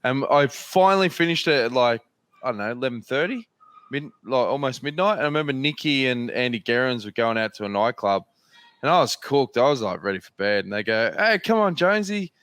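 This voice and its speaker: A man's voice: mid-range voice, fairly quick, a bit bright, clear, resonant tone, dry recording. An Australian man spins loose, rambling anecdotes as a podcast host, swearing freely along the way. His voice sits mid-range and sounds close and dry, with no room around it. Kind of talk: casual storytelling chat.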